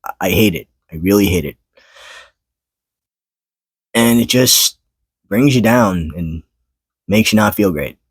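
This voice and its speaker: Man, personal vlog monologue: low, husky, close and dry; weary, halting, flares up in frustration. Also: expressive, dry recording. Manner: weary, halting, pauses to collect thoughts; swears and rises in pitch when frustrated. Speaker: vlogger. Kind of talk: unscripted personal monologue to camera. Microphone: camera mic.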